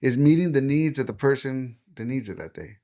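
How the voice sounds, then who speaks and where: A man in casual conversation, talking with earnest, preacherly conviction like a pastor. His voice sits at an ordinary middle pitch. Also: very animated, a little fast, mellow. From United States. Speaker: pastor and guest.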